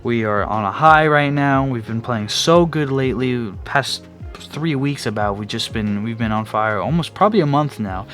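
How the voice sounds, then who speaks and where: A young podcast host with a medium-pitched, slightly bright voice talks sports on his own, animated and at normal speed. His casual chat rambles with frequent restarts and fillers, broken by the occasional yawn, while faint music plays underneath.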